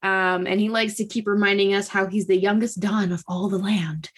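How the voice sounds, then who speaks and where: A woman's voice: medium pitch, fairly even intonation, normal speed, breathy edge. A woman casually recapping a book's plot with a sarcastic, chatty delivery full of fillers. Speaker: podcast host. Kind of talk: casual chat recapping a book.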